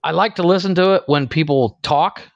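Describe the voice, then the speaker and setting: A man's voice: a little high, fairly quick, creaky, no room sound, highs cut off. A laid-back man from Ohio with an Ohio accent, co-hosting a podcast, chuckling and acting out quotes. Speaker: podcast co-host. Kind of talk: casual chat.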